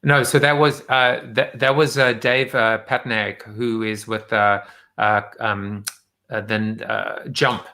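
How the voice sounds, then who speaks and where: Bright-voiced man hosting a live show. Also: fairly low pitch, flat delivery, slow pace. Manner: rambling, many fillers and restarts. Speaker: show host. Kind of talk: casual live-stream chat.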